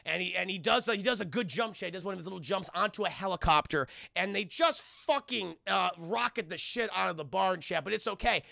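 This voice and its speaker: Excitable, gravelly streamer man. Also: high voice, brisk, hardly any pauses, dry recording, clean studio sound. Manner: profane, excitable, laughing, addresses chat. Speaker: streamer and film reviewer. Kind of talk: live-streamed spoiler film review.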